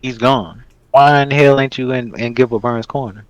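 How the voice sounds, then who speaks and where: A man's voice: mid-range voice, fairly even intonation, normal speed, low-quality recording. A man co-hosting a casual podcast, ranting in a heated, profane, rambling way. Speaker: podcast host.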